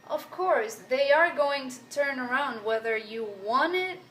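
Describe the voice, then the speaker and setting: A woman's voice: high voice, measured pace, fairly bright tone, a little hiss or hum. A woman giving a casual tarot reading, chatty and rambling, swearing now and then and drifting between accents. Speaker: tarot reader. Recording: echoey room with faint ambience.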